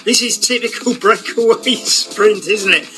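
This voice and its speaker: A man giving live commentary on an online cycling race, excitable and full of fillers. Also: high voice, unhurried, faint music behind, low-quality recording. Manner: excitable, building to shouts at the finish, many fillers.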